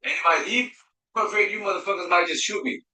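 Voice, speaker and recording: A man working as a driver, confronting officers, challenging them with heated questions and sometimes shouting. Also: high-pitched, fast talker, roomy sound, low-quality recording.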